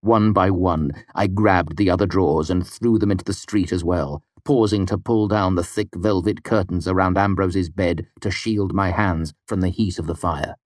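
Deep-voiced man narrating an audiobook. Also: steady tone, normal speed, hardly any pauses, darkish tone, no echo, studio quality. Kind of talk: first-person audiobook narration.

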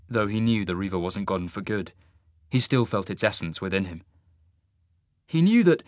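Expressive male audiobook narrator. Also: medium pitch, no echo, studio quality. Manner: expressive, rising sharply for the hero's angry lines. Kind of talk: scripted fantasy narration.

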